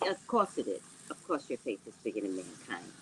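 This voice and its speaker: A woman's voice: very deep voice, fairly quick, a little hiss or hum, low-quality recording. A woman hosting a casual livestream, joking and reacting to her chat from home without a proper mic. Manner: animated, jokey, talks to viewers and chat. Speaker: psychic livestream host. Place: home indoors. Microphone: no external mic.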